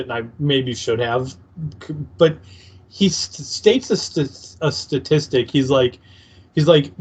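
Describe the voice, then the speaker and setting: A man's voice: fairly high pitch, breathy edge. A man co-hosting a podcast, chatting about an episode in an incredulous tone and often restarting his sentences. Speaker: podcast co-host. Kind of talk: casual episode recap chat.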